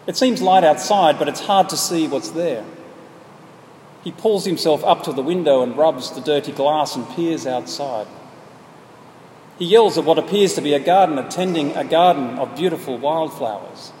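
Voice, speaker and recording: A man telling a story as a sermon, speaking earnestly and at a measured pace. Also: fairly high pitch, a little mellow. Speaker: preacher. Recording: echoey hall, faint background noise.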